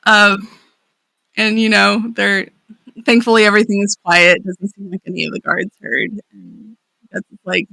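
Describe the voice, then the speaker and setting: Very bright, dry-sounding casual podcaster. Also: mid-range voice, level tone, a little slow, creaky, no echo, low-quality recording. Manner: rambling, filler-heavy, swears freely, laughs often. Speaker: podcast co-host. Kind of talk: casual chat recapping a comic.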